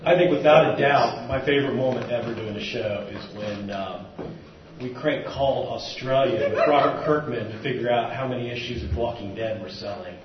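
A man's voice: mid-range voice, normal speed, highs cut off. A man on a podcast panel, telling a story and laughing along the way. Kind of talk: anecdote telling. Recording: distant roomy hall mic, crowd.

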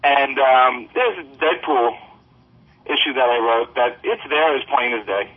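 A man's voice: mid-range voice, measured pace, over a noisy crowd. A man, a comic book writer, chatting casually as a podcast guest and acting out lines in his stories. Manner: animated storyteller, acts out quoted voices. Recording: muffled lo-fi audio.

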